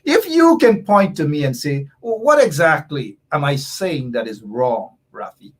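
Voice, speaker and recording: A man's voice: on the high side, big pitch swings, unhurried. A man hosting a political talk show, emphatic and repetitive, reading out viewer comments and answering them. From Guyana. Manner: emphatic, repeats points, reads viewer comments aloud. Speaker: show host.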